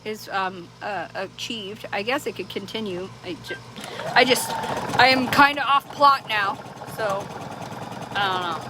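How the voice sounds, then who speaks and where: A woman's voice: mid-range voice, unhurried. A woman vlogger chatting casually to the camera, rambling and laughing often, with many restarts. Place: small town in Arizona. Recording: clear background noise.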